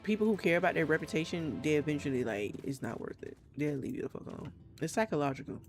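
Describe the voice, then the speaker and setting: A live streamer with a slight Trinidadian accent, talking at an ordinary middle pitch in a loose, rambling way. The speech is frank and full of swearing, with thoughts restarted again and again. Faint game music plays underneath. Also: quick pace. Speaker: gameplay streamer. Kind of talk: casual live-stream chat. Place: home, South Florida.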